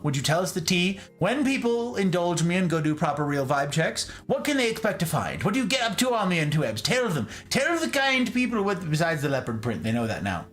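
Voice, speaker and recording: Animated, playful male streamer. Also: a little high. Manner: playful, animated greetings to viewers. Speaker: live-stream host. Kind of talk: casual live-stream chat.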